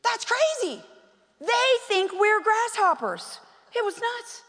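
A woman pastor preaches in a lively, conversational way and punches key lines. Her voice sits high. A long reverb trails behind her in the large sanctuary. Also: slow. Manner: animated, conversational preaching with bursts of emphasis. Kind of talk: sermon. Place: church sanctuary.

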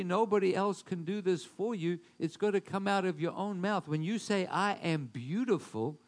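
A man preaching a sermon, building loud emphatic declarations and dropping into quieter asides. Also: high-pitched. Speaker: pastor.

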